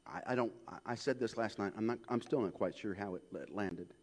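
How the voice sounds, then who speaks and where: A man preaching a sermon, swinging from hushed asides to shouted peaks. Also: on the low side, fairly quick, few pauses. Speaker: pastor.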